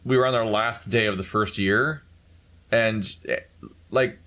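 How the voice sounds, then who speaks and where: A man's voice: lowish voice, steady tone, measured pace, pushed and bright. A young man chatting casually, teasing his friend, laughing often and telling stories with lots of animation. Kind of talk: casual chat.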